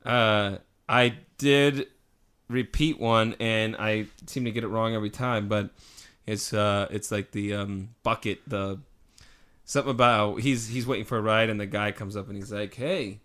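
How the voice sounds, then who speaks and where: A man's voice: on the low side, fairly even intonation, normal speed, fairly bright tone, smooth. A man co-hosting a casual podcast chat, rambling with many fillers and acting out sitcom lines. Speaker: podcast co-host.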